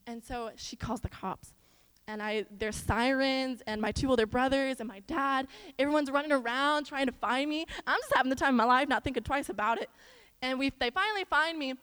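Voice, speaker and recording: A young woman from Iowa giving a chatty church lesson in an animated way, with stories and asides to the listeners. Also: sits high, fairly quick, clear, resonant tone. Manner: animated, talks straight to the audience with asides. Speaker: church speaker. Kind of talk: chatty sermon with storytelling. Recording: long hall reverb.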